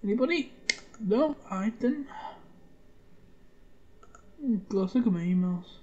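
A woman's voice: mid-range voice, lively intonation, slow pace, dark tone, muffled recording. Rambling woman muttering through gameplay. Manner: rambling, muttering, swears casually. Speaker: gaming channel host. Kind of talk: casual let's-play commentary.

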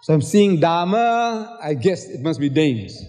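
High-voiced older man lecturing in a hall. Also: very animated, measured pace, a little mellow, soft background music. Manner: lecturing, quotes scripture at length, sarcastic asides. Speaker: debater. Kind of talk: public debate speech. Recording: old hall recording with long reverb.

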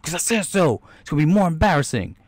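A man's voice: on the high side, sing-song, fast, a little mellow, dry recording, clean studio sound, voice pushed up. A man putting on the voice of a crude, menacing prison boss who barks profane orders at his underlings. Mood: bossy.

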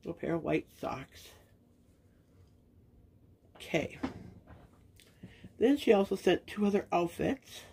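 A woman's voice: lowish voice, gravelly, warm tone, breathy edge. A middle-aged woman chatting casually to viewers as she shows off baby clothes, gushing and sentimental, with frequent fillers. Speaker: reborn doll collector and channel host. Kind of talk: casual unboxing chat to viewers.

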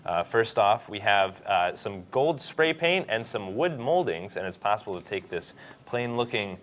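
A man's voice: on the low side, animated, normal speed, a bit bright, a little hiss or hum. A young man co-hosting a morning TV show, joking and teasing, stumbling over his words a bit. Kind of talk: playful casual chat.

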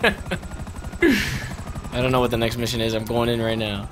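In noisy stream audio, a young man plays a video game and chats casually with a friend, full of profanity, laughter and exclamations at the game. His medium-pitched voice has a sing-song quality and a measured pace.

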